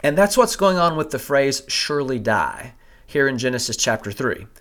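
A man, a father with a family, giving a measured, scripted Bible lesson, explaining a passage step by step and posing rhetorical questions. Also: mid-range voice, fairly bright tone. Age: adult with a family. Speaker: Bible teacher. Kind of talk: scripted teaching narration.

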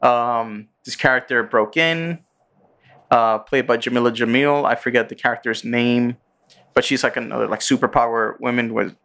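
A man's voice: medium pitch, steady tone, moderate pace, a bit bright. Male podcast host, loose rambling recap, fillers, acts out quotes. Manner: rambling, filler-heavy, acts out character lines. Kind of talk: casual chat, recapping a show.

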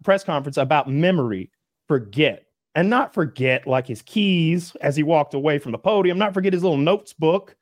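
A man chatting casually on a podcast, rambling and animated, now and then mimicking other voices. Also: a little high, moderate pace, dry recording, studio quality.

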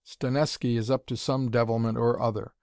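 A man's voice: medium pitch, flat delivery, brisk, darkish tone, dry recording, studio quality, close to an everyday voice. A man reading an audiobook, voicing an eager, commanding male scientist-detective in a raised, urgent voice. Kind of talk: audiobook character voice.

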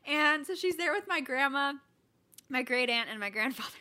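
Giggly, chatty woman with a bright voice. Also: sits high, lively intonation, moderate pace. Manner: giggly, chatty, laughs often. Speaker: podcast co-host. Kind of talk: casual chat.

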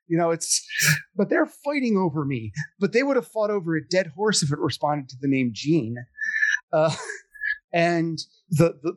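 A man's voice: fairly high pitch, no echo. Self-deprecating man telling theater stories. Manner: self-deprecating, animated, acts out quoted voices. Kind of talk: casual storytelling chat.

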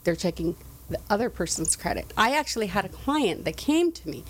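A woman's voice: medium pitch, very animated, fairly quick, husky. A woman business owner, a guest on a talk show, explaining credit repair in casual, earnest interview chat. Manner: earnest, explanatory, laughs easily.

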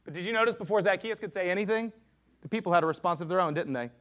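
A pastor preaching a sermon with passion, swinging between hushed lines and loud shouts. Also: male voice, high-pitched, racing.

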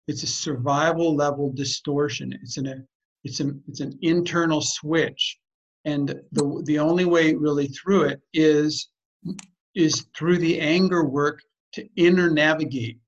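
A man's voice: fairly high pitch, steady tone, unhurried, muffled recording. Blunt man coaching a group on a call. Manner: direct, blunt and emphatic. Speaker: group facilitator.

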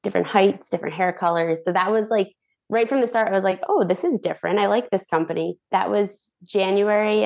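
A young woman, a professional dancer and guest on the show, telling stories in a chatty, animated way full of "like". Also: fairly low pitch, vocal fry. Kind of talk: casual storytelling interview.

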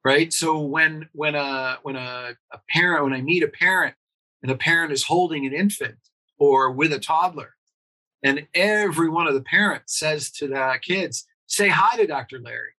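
A man's voice: a little high, moderate pace, bright, forceful tone, poor audio. A man, a pediatrician guest on an interview, explaining earnestly and asking rhetorical questions.

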